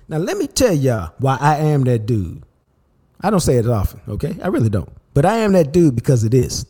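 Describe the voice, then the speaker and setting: Guy hosting a sports podcast, mellow voice, slangy and hyped up. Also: on the high side, a little fast, breathy edge. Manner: animated, slangy storytelling. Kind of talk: casual sports podcast chat.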